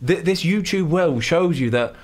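A middle-aged man hosting a casual podcast, telling animated stories and acting out quotes. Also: on the high side, moderate pace. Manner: animated storyteller, acts out quotes. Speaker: podcast host.

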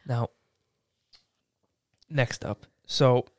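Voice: medium pitch, extremely slow, dry recording. Young host asking easy questions. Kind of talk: casual interview.

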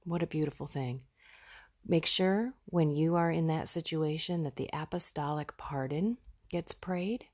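A woman's voice: deep voice, a little slow, a little mellow. A woman hosting a podcast, sharing a raw personal reflection in an earnest, heartfelt way. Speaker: podcast host.

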